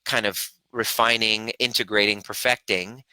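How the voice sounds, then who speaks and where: A man's voice: fairly low pitch, steady tone, normal speed, sharp tone, clear, resonant tone, dry recording, low-quality recording. A middle-aged man coaching viewers in a live question-and-answer stream, earnest and reflective, acting out his own reactions as he talks.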